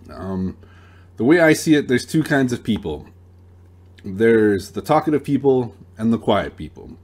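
A young man hosting an advice channel, talking in a relaxed, plain-spoken monologue with a few restarts. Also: on the low side. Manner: relaxed, plain-spoken, uses gun comparisons, some restarts. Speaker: dating advice channel host.

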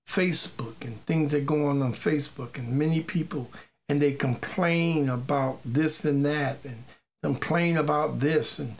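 In this informal sermon, a faith teacher blends testimony and exhortation, speaking emphatically, repeating key phrases and occasionally tripping over words. The voice sits at medium pitch with noticeable vocal fry.

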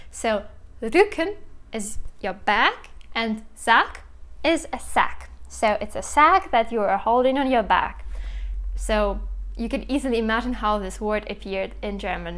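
A young woman with a Russian accent who speaks Russian natively, explaining words in an enthusiastic, explanatory lesson and repeating them slowly. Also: fairly high pitch, fairly bright tone. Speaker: language teacher. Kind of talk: language lesson to camera.

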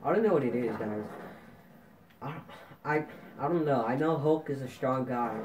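A man's voice: mid-range voice, moderate pace, long pauses, a little hiss or hum, rough recording. A man giving frustrated gameplay commentary while playing a shooter, ranting and repeating his complaints to viewers. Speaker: gaming video host.

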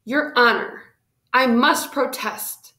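A woman's voice: a little high, slow pace, bright, forceful tone, reverberant. Woman voicing a scornful elderly councilman. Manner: mocking protest. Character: elderly male colonial council member, scornful.

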